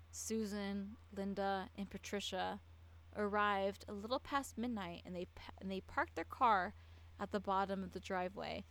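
A woman's voice: mid-range voice, fairly bright tone, rough recording. A tipsy woman tells a true-crime story in a loose, casual way. She rambles, trips over her words and restarts her sentences as she goes.

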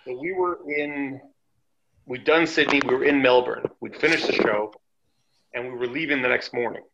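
Podcast guest, male, ex-wrestler. Gravelly, chatty raconteur. Faint hiss on the line. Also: mid-range voice, moderate pace, highs cut off. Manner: animated, chatty anecdotes. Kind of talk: casual storytelling interview.

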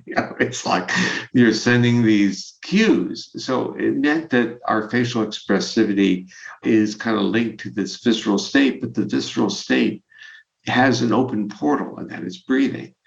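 Gravelly-voiced man explaining at length. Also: lowish voice. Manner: measured, explanatory, chuckles often. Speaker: podcast guest, researcher. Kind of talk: conversational explanation. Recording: dull lo-fi audio.

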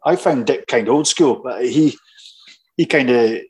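A Scottish man, a former footballer, chatting casually and telling stories with halting restarts. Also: mid-range voice, darkish tone, rough recording. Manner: halting, many restarts, anecdotal. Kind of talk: casual chat.

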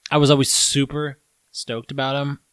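A man chatting casually while tasting candy, animated and jokey, swearing now and then. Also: mid-range voice, normal speed, smooth, dry recording.

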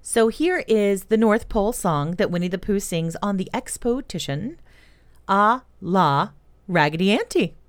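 Lively-voiced woman hosting a kids' music show. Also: mid-range voice, unhurried. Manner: warm storytelling, speaks directly to young listeners. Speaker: host. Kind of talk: children's music podcast talk.

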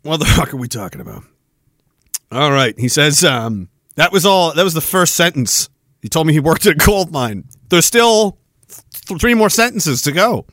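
A man hosting a podcast, reading chat messages in a sarcastic, animated way, laughing often and swearing. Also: fairly high pitch, moderate pace, no echo, studio quality. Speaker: podcast host. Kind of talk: casual livestream commentary reading chat.

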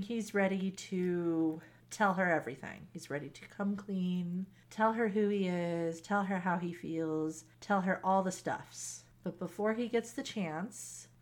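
Chatty woman retelling a story with laughs. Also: medium pitch. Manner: animated retelling, quoting characters, laughs often. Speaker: podcast co-host recapping a romance novel. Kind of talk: casual chat.

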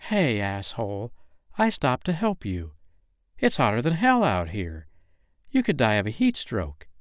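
A man voicing a feisty, sharp-tongued woman biker who curses freely. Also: on the low side, expressive, dry recording, studio quality, natural voice. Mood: angry. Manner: brash and quick to curse.

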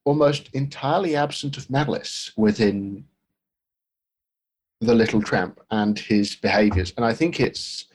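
A man co-hosting a podcast, talking casually about a film with many restarts and fillers. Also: on the low side. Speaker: podcast co-host.

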